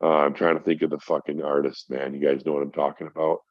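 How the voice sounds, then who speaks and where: A man's voice: extremely low pitch, little pitch movement, fast talker, no echo. A middle-aged man from Minnesota, a podcast guest telling a heartfelt story in casual chat, swearing freely. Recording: dull, dry lo-fi sound.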